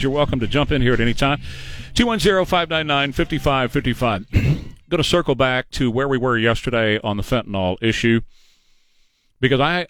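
A man's voice: mid-range voice, a bit bright, no echo. A man hosting a talk radio show, blunt and mocking in his opinions. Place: radio studio. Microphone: studio microphone.

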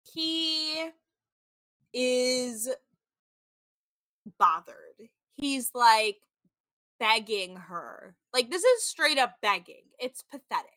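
A woman in her thirties with a fairly high, bright and forceful voice, recapping a show in animated casual chat. She fills her talk with "like" and acts out what others said. The sound is close and dry. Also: slow pace, no room sound. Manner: animated storytelling, frequent "like", acts out quotes. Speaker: podcast co-host.

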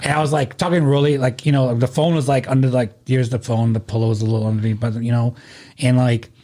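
A man's voice: medium pitch, steady tone, a little fast, mellow. A man telling rambling, profane stories in a casual podcast chat.

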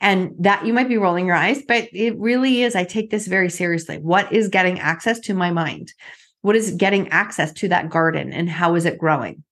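A woman's voice: fairly low pitch, a little fast, a bit bright. A middle-aged woman giving a motivational talk in an earnest, coaching way, putting questions to the listener.

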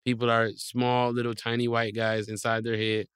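A man riffing playfully through a comedic conversation, animated and quick to act out voices. His tone is bright and forceful, smooth and clear. The sound is dry and close, with no room around it. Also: medium pitch, no echo. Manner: animated, playful storytelling with exaggerated quoted voices. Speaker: guest.

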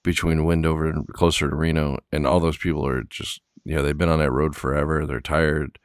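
A man's voice: extremely low pitch, level tone, a little fast, smooth, no room sound. A man, a truck driving partner, chatting in an easygoing way with dry asides. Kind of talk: casual chat.

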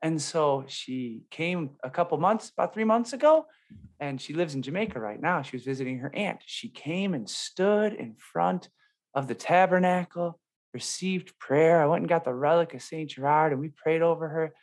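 A man's voice: on the high side, expressive, moderate pace. A man, a priest, co-hosting a faith podcast, telling stories in an exuberant, playful way. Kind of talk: casual faith podcast chat.

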